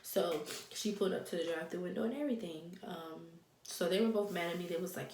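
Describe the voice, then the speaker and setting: A woman's voice: on the low side, quick pace, hardly any pauses. A young woman vlogger telling a personal story in casual, slangy speech, swearing freely and quoting the people in it. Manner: animated, swearing, loose slangy talk. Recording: echoey room, faint noise.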